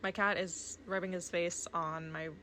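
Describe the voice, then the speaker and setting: An art vlogger, a young woman, sits at her home desk with her cat, drawing and rambling casually about a film into a desk microphone. Her lowish voice is flat, measured, pushed and bright, with a little hiss or hum, and she gushes chattily with lots of fillers.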